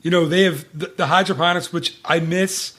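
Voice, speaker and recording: A man's voice: on the high side, fairly even intonation, moderate pace, fairly bright tone. A middle-aged man hosting a casual podcast chat, laughing often as he talks. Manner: laughs often while talking. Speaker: podcast host.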